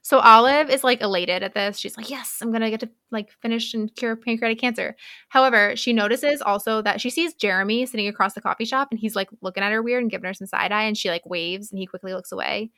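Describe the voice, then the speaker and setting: A woman's voice: medium pitch, sharp tone, no room sound, studio quality. A young woman co-hosting a podcast, recapping a novel in casual chat, laughing often and acting out characters' lines. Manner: laughing, acts out characters' lines in quick voices. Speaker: podcast co-host.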